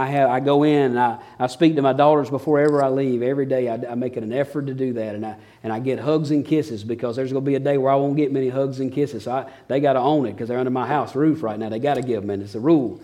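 A man's voice: mid-range voice, fast. A man, preaching a sermon in a folksy, storytelling way and acting out the people in it. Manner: folksy, animated storytelling with dramatized quotes. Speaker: pastor.

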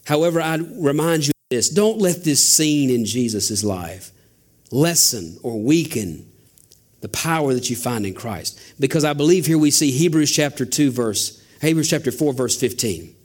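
A man's voice: medium pitch, expressive, moderate pace, darkish tone. A man preaching a sermon as a pastor, asking rhetorical questions and building emphasis. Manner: father.

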